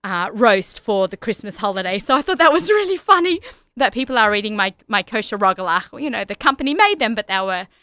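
A woman in her forties from Australia, her accent softened by years in America, hosting a radio show with chatty enthusiasm. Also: medium pitch, expressive, fairly quick, dry recording, studio quality. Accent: Australian, softened by long US residence. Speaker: radio show host and personal chef. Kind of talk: solo radio show introduction.

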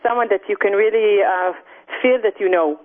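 Woman guest, hesitant and soft, tinny phone line. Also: mid-range voice, normal speed. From Israel. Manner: soft-spoken, hesitant, many fillers. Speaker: illustrator guest. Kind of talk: phone interview. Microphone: telephone.

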